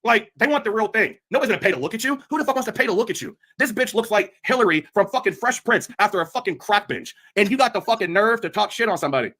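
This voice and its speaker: A man streaming a crude, mocking rant with sudden shouting bursts. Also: high voice, animated, fast talker, hardly any pauses. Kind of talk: ranting livestream commentary.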